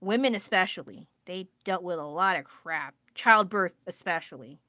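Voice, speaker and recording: American woman rambling on a phone livestream, bright tense voice, dry close sound, laughs a lot. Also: lowish voice, lively intonation, normal speed, dry recording. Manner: chatty, rambling, laughs often, answers chat. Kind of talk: casual livestream chat.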